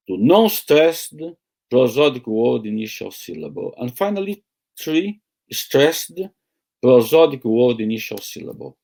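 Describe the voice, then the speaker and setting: Slow, halting male lecturer. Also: medium pitch, vocal fry, a little mellow. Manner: slow, halting, with many pauses and fillers. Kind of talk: academic lecture. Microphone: video call.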